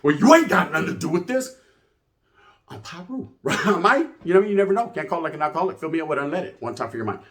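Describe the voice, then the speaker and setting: High-voiced man ranting. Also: quick pace. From California. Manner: profane street slang mixed with Spanish, animated storytelling. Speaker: channel host. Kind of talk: ranting storytelling commentary.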